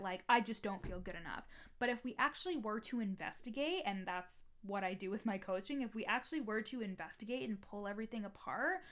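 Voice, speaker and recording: A young adult woman who hosts a podcast and works as a life coach talks to listeners in a casual, encouraging way at medium pitch. She says "like" a lot and lets the occasional swear word slip.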